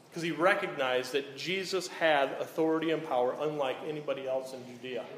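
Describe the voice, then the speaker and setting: A pastor preaching a sermon in an earnest way, often checking in with the listeners. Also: male voice, on the high side, a bit bright. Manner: earnest, repeats "okay?" to check in. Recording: echoey hall, faint room noise.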